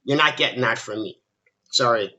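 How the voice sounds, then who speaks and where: A man's voice: medium pitch, moderate pace, sharp tone, lo-fi sound. A man hosting a commentary video, ranting sarcastically and stumbling over repeated words. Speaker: commentary channel host.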